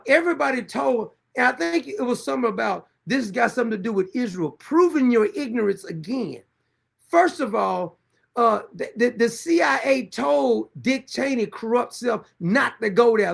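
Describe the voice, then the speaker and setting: A man hosting a commentary show, ranting in a blunt, taunting, profane way with a gravelly voice. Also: high-pitched, fairly bright tone. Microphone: desktop mic for live streaming.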